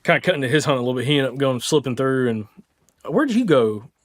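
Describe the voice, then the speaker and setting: A man, a podcast host, telling a story in casual chat and acting out the quotes with animated energy. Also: mid-range voice, quick pace. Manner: animated, excitable storyteller who acts out quotes.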